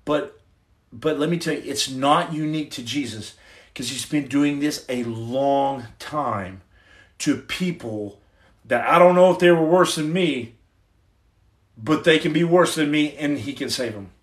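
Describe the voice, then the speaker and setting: A man's voice: a little high, measured pace. A middle-aged man hosting a livestream, giving his testimony in an earnest, preachy, casual way into his phone. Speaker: livestream host.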